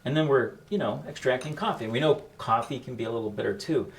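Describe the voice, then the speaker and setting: A middle-aged man hosting a home coffee cocktail demo, explaining each step in a relaxed, chatty way. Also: mid-range voice, fast talker. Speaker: host making a coffee cocktail. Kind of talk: casual cooking demo chat.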